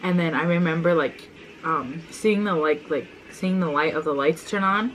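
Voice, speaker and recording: In a low voice at a moderate pace, a young woman who vlogs trades casual childhood stories with her sister, filling gaps with "like" and laughing a lot. She's the older sister, and the poor audio carries a little hiss or hum.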